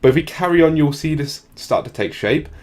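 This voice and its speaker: A man talking fast and casually through a software tutorial, often saying "like". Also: on the high side, animated. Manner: fast, casual, many "like" fillers. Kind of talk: screen-recorded tutorial walkthrough.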